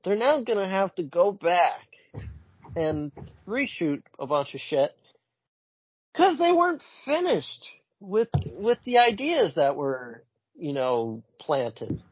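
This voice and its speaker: A man co-hosting a casual podcast about comic-book films, animated and blunt, swearing often and repeating himself as he talks. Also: high voice, takes it slowly, breathy edge, no room sound. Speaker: podcast co-host. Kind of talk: casual chat. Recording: dull lo-fi sound.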